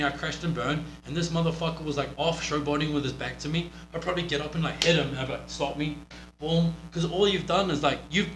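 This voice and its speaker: A man's voice: on the high side, fairly bright tone. Profane, blunt New Zealand man. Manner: blunt, profane, rambling with many fillers. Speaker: wrestling coach reviewing a match. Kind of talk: casual match review. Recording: roomy with faint hum.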